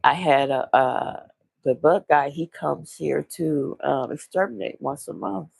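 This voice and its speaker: A woman with a heavily gravelly, fry-laden voice talks her way through a confessional vlog. Her speech is husky and halting, full of restarts, and she sounds low and vulnerable. The sound is dry and close. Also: darkish tone, no room sound. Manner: rambling, halting, with repeated restarts. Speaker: vlogger. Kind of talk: casual confessional monologue.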